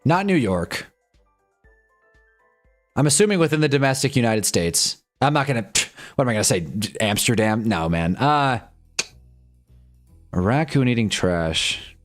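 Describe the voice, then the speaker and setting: Here a young man hosts a live fan stream, his mid-range voice sing-song and a little slow, broken by long pauses. He comments on the football game with wry exasperation, rambling loosely into casual chat while faint music plays behind him.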